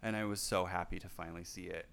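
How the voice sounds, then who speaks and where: A man with a very deep, gravelly voice co-hosts a podcast. He talks in a relaxed, easy way, adding brief agreement and dry jokes as they chat casually. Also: fast. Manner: laid-back, brief agreeing replies, dry joking. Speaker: podcast co-host. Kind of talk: casual film discussion.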